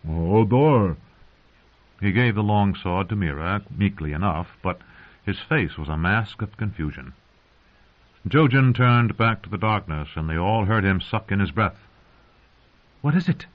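A man narrating a fantasy audiobook in a dramatic, expressive reading. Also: low voice, moderate pace. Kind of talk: scripted narration. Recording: dull lo-fi audio.

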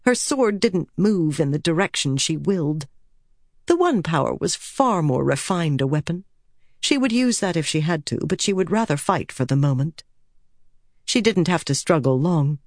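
A woman narrating a fantasy battle scene with steady storytelling delivery. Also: low-pitched, moderate pace, dry recording, studio quality. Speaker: audiobook narrator. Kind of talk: scripted narration.

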